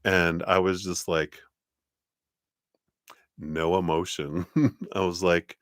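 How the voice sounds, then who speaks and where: A man's voice: low voice, little pitch movement, takes it slowly, fairly bright tone, no room sound, studio quality. A man giving a live-streamed tarot reading in a chatty way, laughing often and using many fillers. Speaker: tarot reader.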